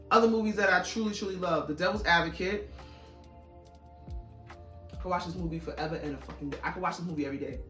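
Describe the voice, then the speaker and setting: A woman with a lowish voice vlogs about her DVD haul as a YouTuber, chatty and rambling, swearing casually and calling herself a yapper. She's a bit off-mic in an echoey room, with faint music playing.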